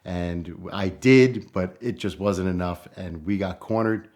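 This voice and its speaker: Man from New York telling a story. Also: a little slow. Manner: animated, acts out quoted voices with rising pitch. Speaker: storyteller guest. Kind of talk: casual storytelling.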